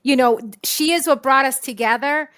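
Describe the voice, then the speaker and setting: A woman's voice: high voice, moderate pace, fairly bright tone, dry recording. A woman co-hosting a livestream, speaking in an emphatic, rallying way. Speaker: show co-host. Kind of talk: casual livestream chat. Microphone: online video call.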